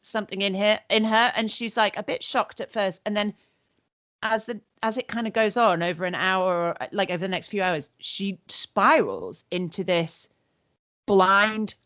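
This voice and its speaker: A woman's voice: medium pitch, normal speed, a bit bright, no echo, highs cut off. A woman co-hosting a casual podcast, blunt and sweary, recapping shows with quoted asides. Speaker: podcast co-host. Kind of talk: casual chat.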